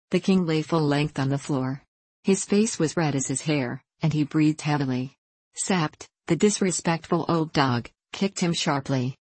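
A woman narrating a classic adventure novel in a measured storytelling way. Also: low voice, a little mellow, slightly rough, no room sound. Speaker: audiobook narrator. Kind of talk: audiobook reading of a classic novel.

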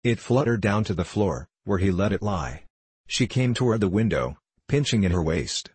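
Guy reading an old novel aloud, low husky voice, steady, dry close sound. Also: moderate pace, dry recording. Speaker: audiobook reader. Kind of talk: classic novel narration.

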